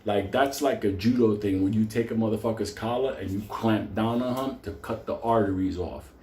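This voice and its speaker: A man telling a wild story in a loud, profane, laughing way, acting out the people he quotes. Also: fairly low pitch, moderate pace, roomy sound, a little hiss or hum.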